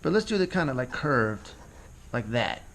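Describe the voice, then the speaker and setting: A man's voice: mid-range voice, moderate pace. A man teaching a casual cartooning lesson, chatting and thinking aloud as he draws. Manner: relaxed, chatty, thinking aloud while drawing. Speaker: cartooning instructor. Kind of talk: casual drawing tutorial.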